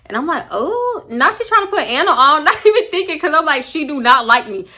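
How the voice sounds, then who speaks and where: A woman's voice: high voice, expressive, quick pace, sharp tone. A young woman telling a storytime on her channel, blunt, slangy and gossipy. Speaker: storytime vlogger. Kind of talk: storytime vlog.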